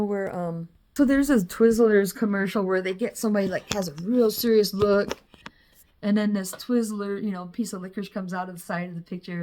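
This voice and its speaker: Mellow-voiced woman chatting casually. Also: mid-range voice. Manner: loose and profane, with frequent "you know" and laughs. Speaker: vlogger showing her drawings. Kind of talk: casual rambling commentary.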